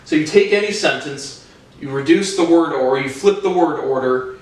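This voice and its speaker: A man talks his way through a solo video lecture, breaking off and restarting as he thinks aloud. His voice sits a little high and sounds set back from the microphone. It rings in a heavily echoing room. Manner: halting, many restarts and self-corrections, thinking aloud. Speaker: YouTube video creator. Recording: very echoey room, voice far from the mic.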